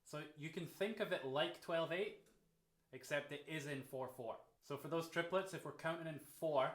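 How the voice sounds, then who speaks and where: A man, a drum teacher calmly explaining a groove and counting beats aloud. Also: on the high side, moderate pace. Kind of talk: instructional explanation. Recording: roomy echo.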